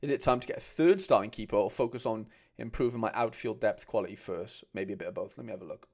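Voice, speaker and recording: A man's voice: on the low side, fast talker, a little mellow. A man hosting a casual livestream, chatting with viewers and calling them mate. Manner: chatty, reads out viewer comments, calls people mate. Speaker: host.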